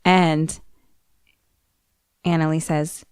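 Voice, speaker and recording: Young woman excitedly recapping a film. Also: normal speed, clean tone, dry recording, studio quality. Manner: animated retelling, acts out characters' lines with sudden jumps in pitch. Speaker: podcast co-host retelling a film. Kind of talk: casual chat, recapping a movie plot.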